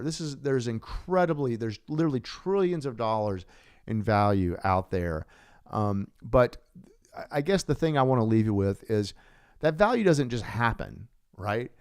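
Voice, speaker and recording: A man presenting a live online course, talking casually and enthusiastically with many fillers and restarts. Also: fairly low pitch.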